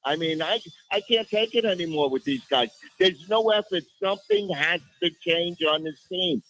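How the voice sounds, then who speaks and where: A man's voice: sits high, big pitch swings, moderate pace, a bit bright, rough recording. A man calling in to a sports radio show, exasperated and repeating rhetorical questions. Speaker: caller. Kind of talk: phone-in rant.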